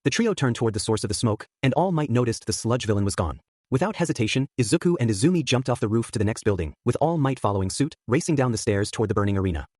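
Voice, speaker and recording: A man's voice: mid-range voice, expressive, fast talker, few pauses, a little mellow, dry recording. A man reading a fan fiction story aloud, narrating and voicing the characters. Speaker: fanfic narrator. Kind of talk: scripted narration with character voices.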